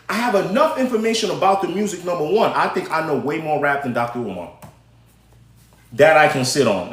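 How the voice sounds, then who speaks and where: Man, live-stream host, high voice, casual chatty commentary, roomy echo. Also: fairly bright tone. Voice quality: casual, chatty, talks to viewers directly.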